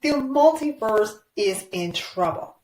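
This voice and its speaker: A woman narrating a playful toy story with excited cheers and sound effects. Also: a little high, takes it slowly, roomy sound, slight background noise.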